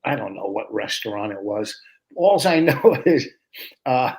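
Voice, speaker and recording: A man's voice: lowish voice, lively intonation, unhurried. A man, a comedian guest on a podcast, talking bluntly and brashly with lots of swearing. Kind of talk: casual chat.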